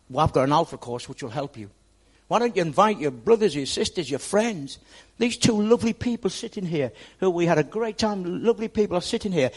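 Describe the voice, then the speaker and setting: A pastor preaching a sermon in a church, speaking straight to the congregation and repeating words for emphasis. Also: male voice, high voice.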